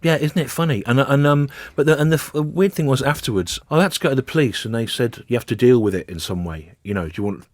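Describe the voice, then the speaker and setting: A man's voice: medium pitch, expressive, fast talker, hardly any pauses, darkish tone, dry recording. A man, a comedian, telling a rambling anecdote in casual chat and acting out what he said. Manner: rambling storyteller, acts out what he said. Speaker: comedian guest.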